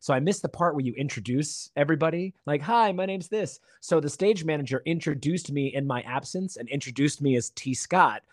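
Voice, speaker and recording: A man's voice: fairly high pitch, brisk, few pauses, no echo, studio quality. A man from Virginia Beach, a stage actor guest, telling stories in casual podcast chat and acting out the people he quotes. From Virginia Beach, USA. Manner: animated storyteller, acts out quotes.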